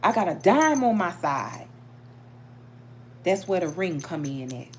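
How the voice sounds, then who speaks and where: A middle-aged woman hosting a casual chat, telling a story in an animated, preachy way. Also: measured pace, slight background noise. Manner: animated, preachy, emphatic with sudden pitch jumps. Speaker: tarot channel host.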